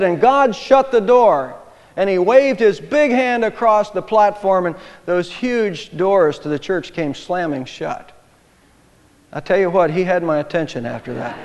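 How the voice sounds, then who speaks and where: A man preaching a sermon as pastor, emphatic and swelling louder on key phrases. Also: fairly high pitch. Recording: long hall reverb.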